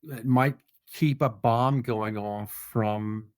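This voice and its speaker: A man's voice: medium pitch, fairly even intonation, slow, dry recording, studio quality. A man speaking as a podcast guest, answering in an earnest, reflective way with light self-deprecating humor. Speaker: podcast guest, security officer. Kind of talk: conversational interview answers.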